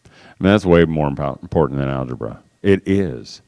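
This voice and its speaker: A middle-aged man speaks to a live conference audience, his pitch swinging widely as he acts out voices and sounds. His voice is smooth and resonant. The long reverb of a large hall trails behind every line. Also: fairly quick. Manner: animated, laughing, acting out voices and sounds. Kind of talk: storytelling talk to a live audience.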